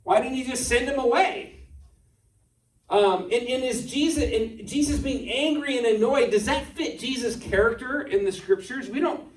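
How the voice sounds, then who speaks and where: A male pastor giving a sermon in a relaxed, conversational way, often putting rhetorical questions to his congregation. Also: very high voice, moderate pace. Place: church sanctuary. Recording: echoey church room, distant mic.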